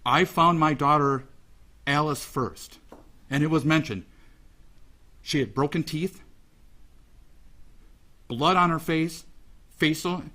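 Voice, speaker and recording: A father giving an emotional, halting victim statement in a courtroom, repeating phrases as he speaks. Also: on the high side, pushed and bright.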